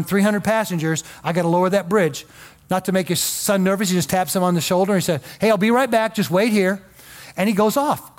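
A middle-aged male pastor preaching a sermon, telling a story earnestly and building it to emotional peaks. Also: high-pitched. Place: church.

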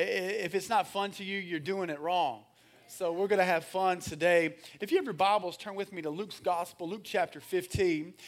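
A man preaching a sermon as pastor, energetic, calling on the congregation to answer and reading scripture aloud with frequent fillers. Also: high-pitched. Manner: energetic, calls for congregation responses.

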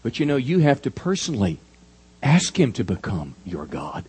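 Folksy animated preacher man in his fifties. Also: mid-range voice, moderate pace, husky. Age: 50s. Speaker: pastor. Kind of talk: sermon.

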